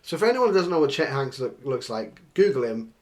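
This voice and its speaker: A man's voice: medium pitch, very animated, brisk. A man hosting a podcast in casual chat, sweary and opinionated. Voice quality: sweary, opinionated, laughs a lot. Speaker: podcast host.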